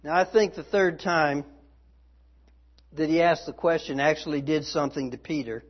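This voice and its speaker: Male preacher, high voice, slow deliberate sermon delivery, emphatic, muffled lo-fi recording. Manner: earnest, emphatic, dramatizing quoted dialogue. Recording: slightly dull, lo-fi sound.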